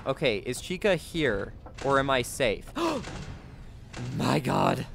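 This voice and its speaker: A man giving let's play commentary, jumpy and excitable, gasping and yelping at scares. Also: mid-range voice, slow, gravelly, a little hiss or hum. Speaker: gaming YouTuber.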